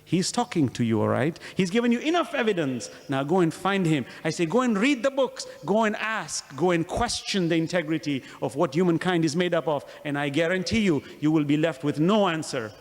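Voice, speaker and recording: A man's voice: on the high side, animated, a little fast, few pauses. A man giving an earnest religious lecture, asking questions and acting out conversations to make his points. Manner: earnest, questioning, acts out dialogue. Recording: long hall reverb.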